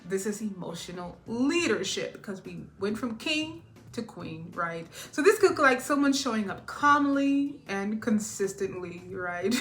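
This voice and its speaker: A woman's voice: medium pitch, lively intonation, unhurried, hardly any pauses, fairly bright tone, faint music behind. A woman giving a casual tarot reading in a chatty way, laughing often and drifting off topic. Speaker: tarot reader.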